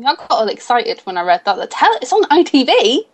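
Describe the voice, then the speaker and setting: A woman co-hosting a casual gaming podcast, chatty and quick to laugh. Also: high voice, sing-song. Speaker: podcast co-host. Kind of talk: casual chat.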